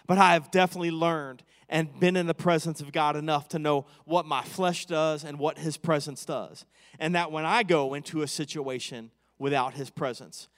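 A man preaching a sermon to his church, reading scripture verses slowly and then expounding with rising fervor. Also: fairly high pitch, big-room sound.

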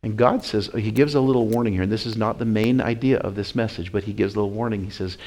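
A male pastor preaching a sermon in church, chatty and repetitive, asking the congregation questions and swinging between loud emphatic peaks and quiet intense asides. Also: on the low side, fast, hardly any pauses. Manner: conversational, repeats phrases, asks the congregation questions.

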